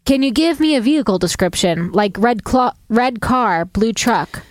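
A woman playing a calm 911 dispatcher. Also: fairly high pitch, no echo, natural voice. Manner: steady, measured questioning.

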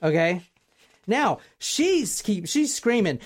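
Animated woman telling a true crime story. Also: medium pitch, measured pace. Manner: animated, swears casually, acts out quotes. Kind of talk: casual storytelling chat.

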